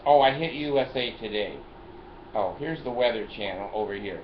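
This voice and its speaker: A man's voice: mid-range voice, a little slow. An older man hosting a casual vlog from his car, chatty and joking, often laughing and swearing as he shows off his gadgets. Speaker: video host. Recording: roomy, dull lo-fi sound, faint noise.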